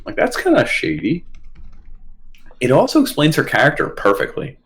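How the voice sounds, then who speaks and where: A young adult man co-hosting a casual podcast, talking in an animated way and slipping into quick put-on voices. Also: on the high side. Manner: animated, quotes movie lines in put-on voices. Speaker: podcast co-host. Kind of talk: casual chat.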